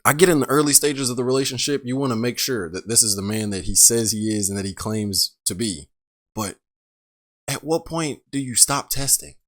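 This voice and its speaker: Speaking at a normal pace in a mid-range voice, a reaction-show host gives his casual take on a clip. His remarks are blunt and lean heavily on rhetorical questions.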